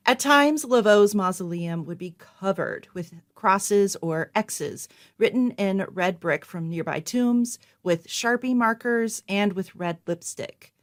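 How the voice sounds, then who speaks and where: Woman co-host, clear measured history narration, mid pitch. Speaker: podcast co-host.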